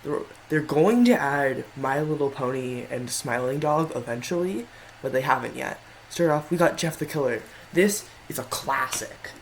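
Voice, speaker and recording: A man's voice: mid-range voice, moderate pace, creaky, a little hiss or hum, rough recording. A man giving casual tier-list commentary in a rambling way, often stopping to correct himself. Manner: rambling, frequent self-corrections. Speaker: video creator.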